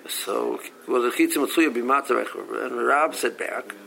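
A man leads a casual Talmud class. His voice has a gravelly edge, and he reads each line before explaining it plainly, often stopping to restart a phrase. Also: medium pitch, normal speed, bright, forceful tone, a little hiss or hum, low-quality recording. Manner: reads Aramaic text then explains in English, with frequent restarts. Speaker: Talmud teacher.

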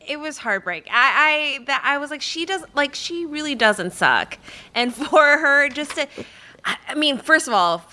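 A woman co-hosting a casual chat, excitable with laughing asides, a former TV producer. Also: sits high, a little slow. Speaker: co-host, former reality TV producer.

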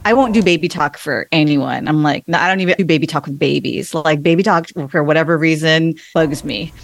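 A woman co-hosting a podcast in casual chat, excitable and laughing often, her voice jumping higher when she gets excited. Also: fairly quick, creaky, slight background noise. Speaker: podcast co-host.

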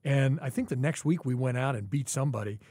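Ex-player co-host, sixties, mid-pitched, chatty, lively storyteller. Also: male voice, fast talker, slightly rough, no echo. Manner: reminiscing, animated, with asides. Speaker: podcast co-host, former pro football player. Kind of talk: casual storytelling chat.

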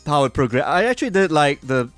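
A man's voice: a little high, big pitch swings, quick pace, fairly bright tone, dry recording, soft background music. A man co-hosting a podcast in casual chat, agreeable, with many short replies. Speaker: podcast co-host.

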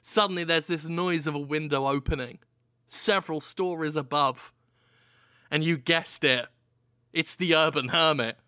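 A man's voice: fairly high pitch, a little slow, bright, forceful tone, clean tone, dry recording. A man narrating an absurd improvised comedy story on a podcast.

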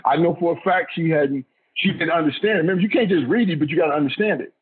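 A middle-aged former football player tells a family story in an interview, emphatic and repeating himself. His voice is a little high, fast, and slightly rough, heard through tinny phone-like audio.

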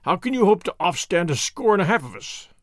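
A man voicing a gruff army sergeant who barks loud commands. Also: high voice, big pitch swings, brisk, no echo, studio quality. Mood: blustering.

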